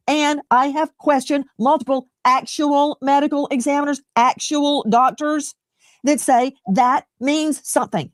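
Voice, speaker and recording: Brief: higher-voiced woman host, combative rapid-fire questioning, dry close sound. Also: no echo. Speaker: TV legal show host. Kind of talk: forceful cross-examining questions.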